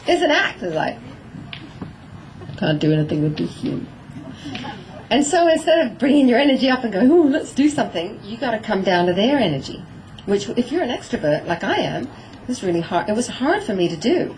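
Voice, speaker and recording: A middle-aged woman giving a lively talk on horse training to an audience, acting out little exchanges with her horse. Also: on the high side, quick pace, slight background noise, poor audio. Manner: animated, acting out voices of herself and her horse.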